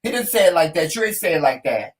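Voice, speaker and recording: Animated man, a bit off mic. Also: on the high side, fast talker, distant mic. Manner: dramatic, animated storyteller who curses freely. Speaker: co-host. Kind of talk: casual talk-show chat.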